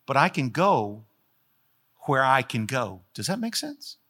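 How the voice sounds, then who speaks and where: A man's voice: mid-range voice, very animated, unhurried, sharp tone. A man preaching a sermon as the pastor, folksy and emphatic, repeating phrases to drive points home.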